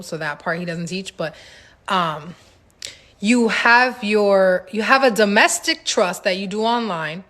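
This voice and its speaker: Chatty woman hosting a live Q&A. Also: medium pitch. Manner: chatty, animated storytelling with slang and laughs. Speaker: livestream host answering viewer questions. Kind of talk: casual livestream Q&A chat.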